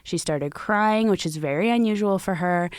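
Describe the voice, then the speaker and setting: A woman's voice: lowish voice, normal speed, dry recording, clean studio sound. A woman co-hosting a parenting podcast, explaining ideas in a chatty way with many "you know"s. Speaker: podcast co-host. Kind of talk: casual podcast conversation.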